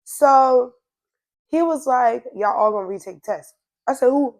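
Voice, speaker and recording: A young woman tells a casual storytime to her viewers, her voice hoarse and nearly gone. She speaks in a fairly high register. She talks in an animated, slangy way and addresses her viewers directly. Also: measured pace. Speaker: storytime vlogger.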